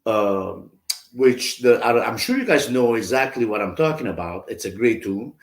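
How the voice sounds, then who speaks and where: A man's voice: mid-range voice, sing-song, moderate pace. A man teaching drums live, chatting with viewers and singing the patterns aloud. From Italy. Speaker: drum teacher. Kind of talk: live-streamed drum lesson. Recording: echoey room with faint noise.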